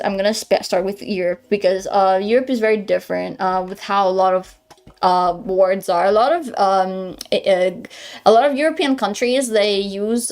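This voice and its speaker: A woman's voice: mid-range voice, a little mellow. Rambling young woman streamer. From Greece. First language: Greek. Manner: rambling, self-correcting, stammers and laughs often. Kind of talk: casual live-stream chat.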